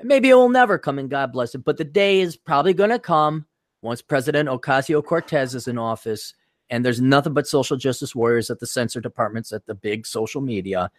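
A man's voice: medium pitch, brisk, no echo, clean studio sound. A middle-aged man with an Upper Midwest American accent, hosting a casual podcast chat in a rambling, wisecracking way. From Milwaukee, US. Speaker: podcast host.

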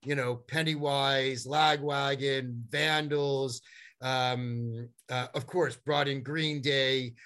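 A middle-aged man telling a long story as a guest, animated and rambling, with many fillers and restarts. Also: medium pitch, slow, clear, resonant tone. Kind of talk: storytelling in a conversation.

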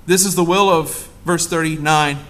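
Pastor guy preaching in church, high voice, asks the room lots of questions. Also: fairly even intonation, normal speed, fairly bright tone. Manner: emphatic preaching, rhetorical questions. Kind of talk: sermon.

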